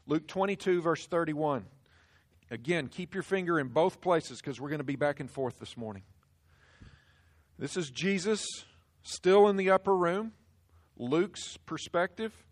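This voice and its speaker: A male pastor delivers a sermon in a somewhat high voice. He presses his points hard, dropping to a hush on sobering lines and rising to full force on warnings. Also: measured pace. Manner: emphatic, swings from hushed to loud.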